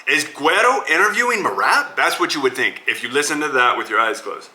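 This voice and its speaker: A man's voice: fairly high pitch, animated, fairly quick, pushed and bright, rough recording. A man hosting his own podcast, giving blunt, opinionated casual commentary and calling listeners brother. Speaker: podcast host. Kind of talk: casual solo commentary on fights.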